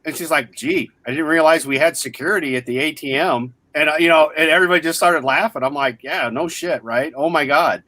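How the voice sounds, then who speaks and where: A man in his forties, voice pitched a little above the usual, telling a story in blunt, profane casual chat. The sound is dry and close, with almost no room around it. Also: a little fast, few pauses, no echo. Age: 40s. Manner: profane, blunt, animated retelling.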